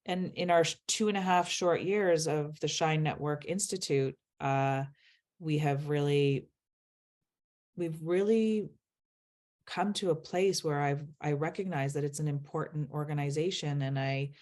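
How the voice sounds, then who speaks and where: Woman, low voice, middle-aged, earnest interview guest, laughs through stories. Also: unhurried, darkish tone. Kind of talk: candid interview conversation.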